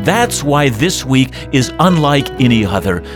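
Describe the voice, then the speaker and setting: A man's voice: medium pitch, very animated, measured pace, music in the background. A man preaching a sermon in an earnest, emphatic way. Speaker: pastor. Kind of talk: radio sermon.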